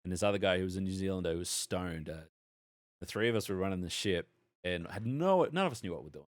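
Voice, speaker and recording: A lowish-voiced Australian man on a casual podcast, spinning a long, animated anecdote full of restarts and swearing. His voice sits dry and close, with no room sound around it. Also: quick pace, no room sound. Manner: rambling anecdote, heavy swearing, animated retelling. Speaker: podcast co-host. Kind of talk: casual chat, storytelling.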